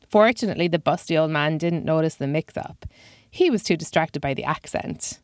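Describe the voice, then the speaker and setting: A woman's voice: fairly low pitch, animated, moderate pace, dry recording. A woman telling a scripted personal story with dry, self-mocking humor.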